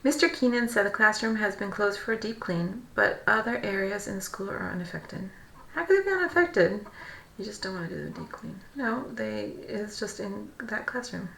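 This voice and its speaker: Woman, live-stream reader. Stumbling, self-correcting news read. Vocal fry, reverberant room. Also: medium pitch, fairly even intonation, sharp tone. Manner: reads haltingly, stumbling and correcting herself. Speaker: streamer reading news aloud. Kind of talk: casual live-stream chat and reading aloud. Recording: roomy echo, faint background noise.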